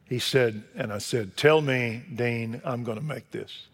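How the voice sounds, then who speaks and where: A man's voice: mid-range voice, measured pace, husky, long reverb tail. A man preaching a sermon, telling stories expressively and rising to emphatic peaks. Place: church sanctuary.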